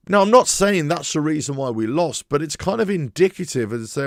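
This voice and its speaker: Male fan host, very gravelly, dry close sound, emphatic opinionated monologue. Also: a little high, sing-song, fairly quick, no echo. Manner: emphatic, repetitive, frustrated. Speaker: football fan channel host. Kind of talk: opinionated solo commentary.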